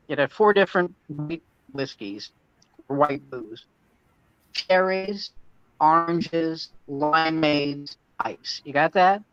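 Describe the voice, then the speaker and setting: A man's voice: fairly high pitch, fairly bright tone, no room sound. A man comedian telling rambling anecdotes in casual chat. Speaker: comedian and podcast co-host. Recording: dull lo-fi dry sound.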